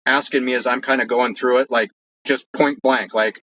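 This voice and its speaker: A man's voice: medium pitch, fairly even intonation, moderate pace, sharp tone, poor audio. A man telling his own story as an interview guest, earnest and rambling, with lots of "like" and restarts. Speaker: guest recounting personal experiences. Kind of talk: casual storytelling.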